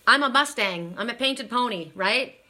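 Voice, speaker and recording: A woman's voice: fairly high pitch, expressive, normal speed, pushed and bright. A middle-aged woman doing a live card reading, tired and emotional, chatting with viewers and often repeating herself. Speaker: oracle card reader.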